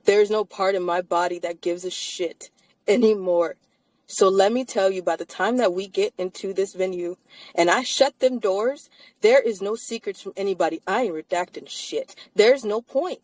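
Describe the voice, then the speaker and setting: A woman's voice: mid-range voice, moderate pace, a little mellow, dry recording, low-quality recording. A tired woman co-hosting a live-stream chat, emphatic and repetitive, swearing freely. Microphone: streaming mic.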